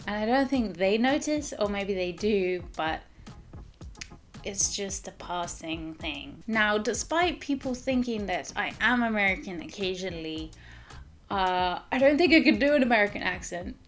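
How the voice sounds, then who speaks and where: A woman's voice: mid-range voice, a little hiss or hum. A woman with an English accent talking casually to camera in a vlog, a little mumbly. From England. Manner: mumbles a little, soft and chatty. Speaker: vlogger.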